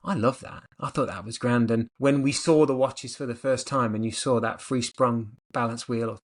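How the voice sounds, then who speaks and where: A man, a brand director, giving long, energetic and rambling answers in a casual interview. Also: medium pitch, normal speed.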